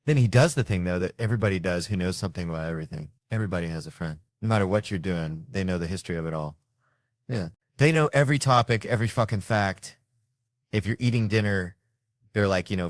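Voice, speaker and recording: A man performing an animated, profane stand-up comedy routine on a handheld stage microphone. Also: deep voice, quick pace, no room sound.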